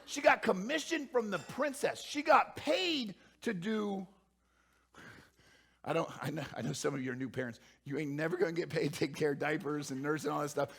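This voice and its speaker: Raspy, animated preacher man. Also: fairly high pitch, moderate pace. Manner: animated, swings from hushed to shouting. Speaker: pastor. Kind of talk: sermon.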